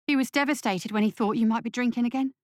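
A woman's voice: on the high side, fast, darkish tone, no room sound, natural voice. A skeptical wife speaks directly and plainly, read by a woman. She questions her husband in this audio story. The sound is close and dry. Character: doubting wife, sharp and skeptical.

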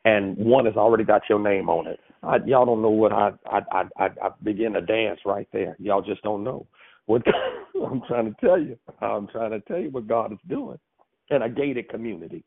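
A man, preaching as a pastor on a call line, animated and storytelling. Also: fairly low pitch, moderate pace, creaky, breathy edge, dry recording. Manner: storytelling, animated, lively with asides. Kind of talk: sermon on a prayer call line. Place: phone call. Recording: tinny phone line, dry.

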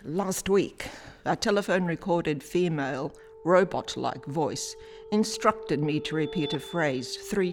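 A woman from Italy whose first language is Italian, an artist reading her own reflective personal narration in a measured, deliberate way with pauses. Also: low-pitched.

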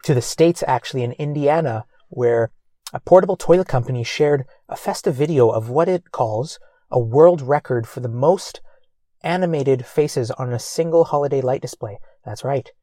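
A man's voice: mid-range voice, moderate pace, warm tone, dry recording. A man hosting a comedy show, delivering a loose comic news monologue with chuckles and crude asides.

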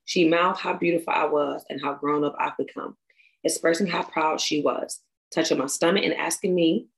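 A young woman reading a personal memorial tribute aloud, tearful and halting, stumbling and restarting as she goes. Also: low-pitched, steady tone, vocal fry, rough recording. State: tearful, crying.

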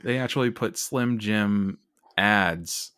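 Man, low voice, wry humor, podcast co-host chatting, dry sound. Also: slow, pushed and bright, clear, resonant tone, no echo. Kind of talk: casual chat.

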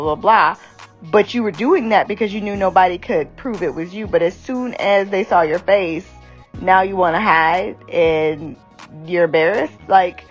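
A woman giving a candid, casual commentary on a reality show, blunt and rambling with lots of fillers. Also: mid-range voice. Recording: dull lo-fi audio with faint music.

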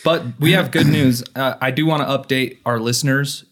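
A man's voice: mid-range voice, brisk. A man co-hosting a podcast in casual chat, joking and explaining with many fillers. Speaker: podcast co-host.

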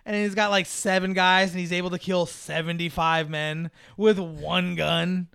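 A man's voice: high-pitched, level tone, moderate pace, vocal fry, fairly bright tone, clear, resonant tone, dry recording, studio quality. A young man chatting casually about a movie, rambling and profane, full of "like" and laughs.

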